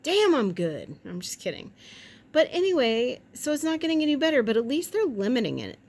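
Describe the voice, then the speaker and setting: A woman chatting at home in a rambling, jokey way, with quick asides and silly voices. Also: sits high, big pitch swings, a little mellow. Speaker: vlogger. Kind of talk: casual chat.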